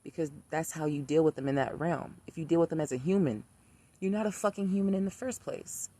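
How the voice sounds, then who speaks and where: A man's voice: fairly high pitch, dark tone. Guy w ranting, cussing a lot, blunt and repetitive. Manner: blunt, profane, rapid-fire repetition. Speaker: spiritual practitioner ranting to camera. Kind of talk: profane casual rant.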